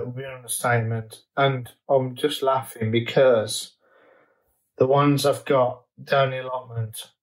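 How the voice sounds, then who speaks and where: A man talking at a slow, unhurried pace, with an ordinary mid-pitched voice. He chats casually to camera as a garden vlogger, thinking aloud and trailing off with fillers and restarts. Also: low-quality recording. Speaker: allotment vlogger.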